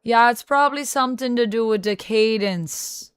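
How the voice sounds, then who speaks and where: A woman's voice: fairly high pitch, moderate pace, smooth, no room sound. Chatty woman streamer in mock Jamaican-Irish accent. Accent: put-on Jamaican accent slipping into Irish. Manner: playful, chatty, reads out viewer messages. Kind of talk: casual livestream chat.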